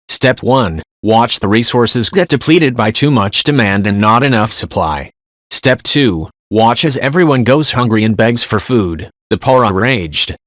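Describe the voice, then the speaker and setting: Man, low voice, dry close sound, brisk matter-of-fact reading of forum posts. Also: fairly bright tone, no echo. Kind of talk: scripted reading of online posts.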